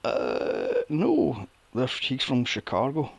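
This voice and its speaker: A man's voice: slow pace, vocal fry, husky, no echo, highs cut off. A man co-hosting a movie podcast, chatting casually and sarcastically about a film. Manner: animated, sarcastic, mocks characters in high silly voices. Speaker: podcast co-host. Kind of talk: casual movie review chat.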